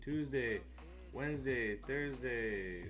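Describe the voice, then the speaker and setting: A man's voice: medium pitch, slow, a bit bright, faint music behind. Hyped, slangy male crypto streamer. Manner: joking, hyped, slangy and swearing. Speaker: live stream host for crypto trading. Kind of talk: casual live-stream chat over charts.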